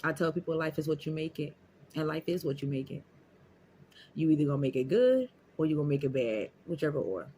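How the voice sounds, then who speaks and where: Man, motivational talk, emphatic, repeats himself, slightly high pitch, faint background noise. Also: lively intonation, a little fast, dark tone. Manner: emphatic, repetitive, addresses viewers as y'all. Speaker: motivational vlogger. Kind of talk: casual motivational talk to camera.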